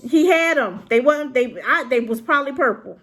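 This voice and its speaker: A woman's voice: sits high, lively intonation, moderate pace, a bit bright. A woman reviewing a drama to camera in an unscripted, rambling rant, exclaiming and talking straight to her viewers. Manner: unscripted and unedited.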